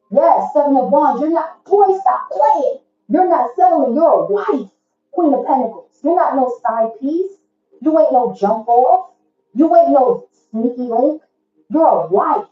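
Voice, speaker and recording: A woman's voice: high voice, roomy sound, lo-fi sound. Brash emphatic woman reading tarot. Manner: emphatic, blunt and profane, preachy. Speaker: tarot reader. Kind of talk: casual tarot reading to viewers.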